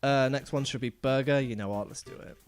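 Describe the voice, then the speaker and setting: A man's voice: medium pitch, a little fast, soft background music. A man streaming a game live, chatting casually and rambling, laughing often as he talks. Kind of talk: casual live gameplay commentary.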